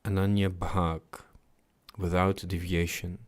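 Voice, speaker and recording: A man slowly reading and explaining devotional scripture, chanting at times, pausing to reflect and repeating his words. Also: deep voice, little pitch movement. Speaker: scripture reader. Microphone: computer mic on a livestream.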